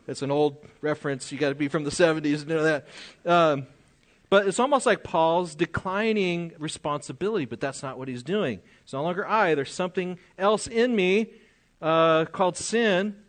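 An older man preaching a sermon, reading scripture aloud, explaining it and asking his listeners questions. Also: sits high.

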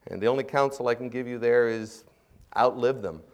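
A man's voice: medium pitch, brisk, background noise. A middle-aged man preaching a sermon as a pastor, earnest and emphatic, building in intensity as he drives his points home.

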